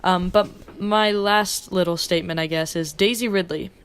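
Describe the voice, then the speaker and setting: A woman's voice: lowish voice, fairly even intonation, moderate pace, clear, resonant tone. A young woman hosting a pop-culture podcast, chatting casually and rambling with fillers. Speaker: podcast host.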